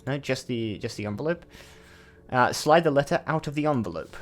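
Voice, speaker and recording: An Australian man talks through a puzzle game in a relaxed let's-play, thinking aloud and trailing off into fillers. His voice sits at an ordinary middle pitch. Faint music plays behind him. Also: fairly quick. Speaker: gaming channel host. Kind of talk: casual let's-play commentary.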